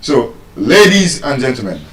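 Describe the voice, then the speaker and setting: A man with a Nigerian accent giving a live talk on pronunciation to an audience, playful and teasing, repeating words slowly to drill them. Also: mid-range voice, very animated. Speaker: public speaker teaching pronunciation. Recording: echoey hall, voice from far off.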